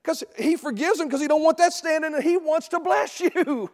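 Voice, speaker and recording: A man teaching a sermon in a conversational way, often checking in with a quick "right?". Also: extremely high pitch. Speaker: preacher teaching a Bible series. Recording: long hall reverb.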